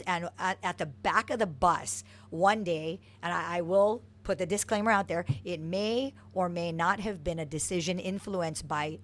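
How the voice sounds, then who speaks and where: A middle-aged woman from Hawaii who coaches soccer recounts stories from her past in an interview, animated and full of energy. Her voice sits on the low side, and she speaks at a moderate pace with hardly any pauses.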